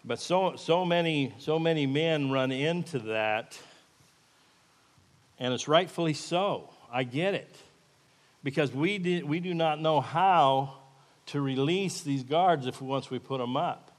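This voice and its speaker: A man's voice: fairly high pitch, takes it slowly. Earnest folksy man preaching in an echoey hall. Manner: folksy, earnest, plain-spoken. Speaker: lay preacher. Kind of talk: informal sermon with live demonstration. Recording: echoey hall with long reverb.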